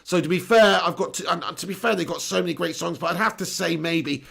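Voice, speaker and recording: A man's voice: sits high, quick pace, creaky, a bit bright, husky. A young English man hosting a casual live stream, reading chat comments aloud, joking, laughing and swearing casually.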